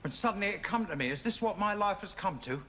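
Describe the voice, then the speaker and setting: An actor playing a worn-out, desperate convict, edgy, blunt and glum, in a television sitcom. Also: male voice, sits high, lively intonation, fast. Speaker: prisoner holding a hostage. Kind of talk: 1970s TV sitcom acting. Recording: loud hiss from old TV audio.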